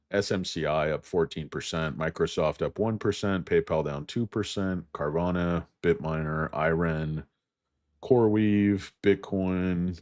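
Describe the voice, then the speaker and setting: A man with a very deep voice hosts a stock market show in a loose, rambling way. He makes crude, self-mocking jokes and rattles off stock moves in a flat list. The sound is dry and close, with almost no room. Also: no echo. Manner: crude, self-mocking, riffs into jokey tangents. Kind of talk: rambling casual market chat.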